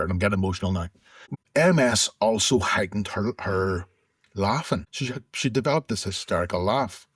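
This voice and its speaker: Low husky man, reflective. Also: animated, normal speed, dry recording, clean studio sound. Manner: reflective, conversational, with restarts. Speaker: interview guest. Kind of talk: candid personal storytelling.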